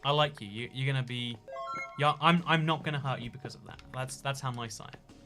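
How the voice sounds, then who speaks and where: A man's voice: medium pitch, brisk, over music. A man hosting a casual livestream and reading out chat donations. He talks in a rambling, jokey way, full of fillers and restarts.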